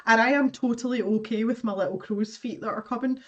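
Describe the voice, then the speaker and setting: A woman's voice: on the high side, brisk, distant mic, highs cut off. A woman from Scotland, in her thirties, chatting casually and self-deprecatingly while she draws on a livestream and reads out viewer comments, laughing often. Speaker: artist livestreaming her drawing.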